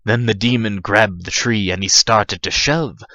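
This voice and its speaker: A man's voice: fairly low pitch, a little slow, bright, forceful tone, dry recording. A man reading a rhyming holiday tale aloud as a profane comic parody, stumbling over lines, in a dull, dry lo-fi recording. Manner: profane, stumbling, laughing at himself. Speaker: reader. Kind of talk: comedic parody read-aloud.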